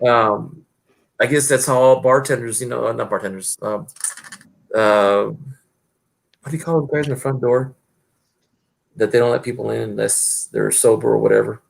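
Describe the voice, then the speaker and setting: A man's voice: medium pitch, steady tone, moderate pace, vocal fry, long pauses. A middle-aged man hosting a stream, chatting casually and rambling with lots of fillers and restarts. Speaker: stream host. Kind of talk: casual chat.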